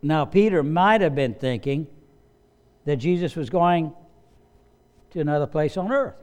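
A male pastor preaches in a high, clear voice. His delivery is emphatic, and he drives points home by repeating key phrases. He breaks into quoted voices to act out scenes. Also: lively intonation, a little slow, a little mellow. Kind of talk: sermon.

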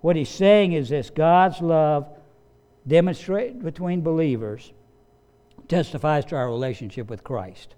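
A male pastor preaches in a high, clear voice. His delivery is emphatic, and he drives points home by repeating key phrases. He breaks into quoted voices to act out scenes. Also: animated, measured pace, warm tone. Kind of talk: sermon.

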